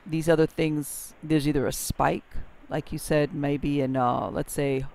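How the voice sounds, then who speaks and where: Smooth-voiced male podcast host. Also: on the high side, flat delivery, unhurried, a little mellow. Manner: affirming, sums up the guest's points. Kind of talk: casual interview talk.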